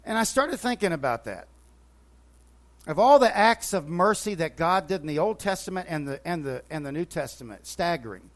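A man's voice: a little high, animated, moderate pace. A man teaching from the Bible, retelling scripture stories with quoted dialogue and frequent restarts. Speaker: preacher.

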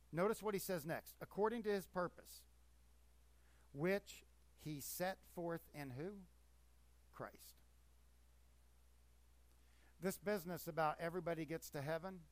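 A pastor preaching a sermon with emphatic force that rises and falls. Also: male voice, on the high side, no room sound.

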